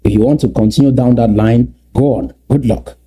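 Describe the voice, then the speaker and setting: A man delivers a fervent address to his community, leaning on repetition and rhetorical questions. His voice is very dark and mellow, with a husky edge. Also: medium pitch, moderate pace. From Southern Cameroons. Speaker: political speaker.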